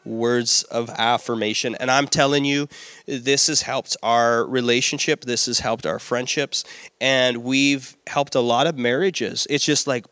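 A middle-aged man preaching a sermon as a pastor, telling a story in a lively way with playful asides. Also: mid-range voice, a little slow, smooth, no echo, clean studio sound.

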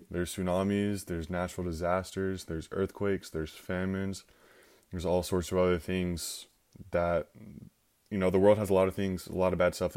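A man with a deep, low voice teaches about faith in a relaxed, conversational way. He often slips into acted-out scenes, voicing the people in them as he goes. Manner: conversational, acts out scenarios with quoted voices. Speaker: Christian teacher. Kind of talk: informal teaching talk.

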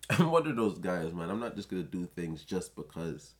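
A man's voice: low-pitched, sing-song, normal speed, husky. A man giving blunt, profane advice in a casual rant to his viewers.

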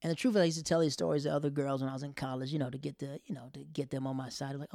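A young man spins a casual personal story on a close, dry mic. His voice sits a bit high for a man, and he jumps into loud, high bursts when he acts out what others said. For the awkward moments he sinks into a hushed near whisper. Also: fairly even intonation, racing, vocal fry, few pauses, no room sound. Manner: drops to a near whisper for embarrassed asides.

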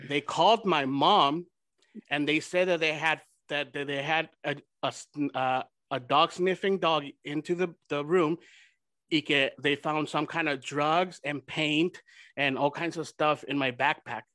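Brash bright-voiced man telling stories. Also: a little high, measured pace, no echo. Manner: profane, animated retelling with quoted dialogue. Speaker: podcast host. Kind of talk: casual storytelling, mixing English and Spanish.

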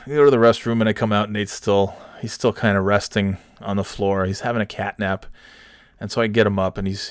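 A man casually telling a personal story, animated, swearing freely and acting out the people in it. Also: fairly low pitch, no echo, studio quality. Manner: animated, swears freely, acts out voices, laughs mid-story. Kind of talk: casual anecdote.

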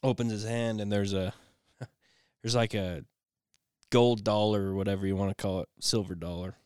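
Casting: male host, smooth clear voice, close and dry, rambling storyteller. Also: lowish voice, fairly even intonation, normal speed, darkish tone, dry recording. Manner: rambling, storytelling with many restarts. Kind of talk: casual conversation.

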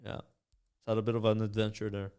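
A young man from Malta, a podcast guest telling rambling, animated anecdotes full of fillers. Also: lowish voice, fairly quick, clear, resonant tone. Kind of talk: casual storytelling.

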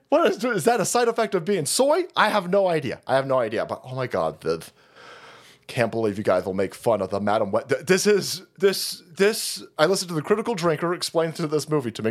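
A man hosting a livestream, delivering a heated, profane and mocking political rant. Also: fairly high pitch. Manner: foul-mouthed, mocking, heated ranting. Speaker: streamer host.

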